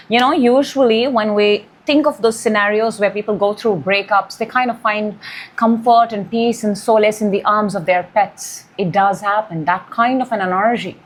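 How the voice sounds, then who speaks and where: A woman's voice: medium pitch, moderate pace. A woman giving a weekly tarot reading, musing and intuitive, drawing out key words. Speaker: tarot reader.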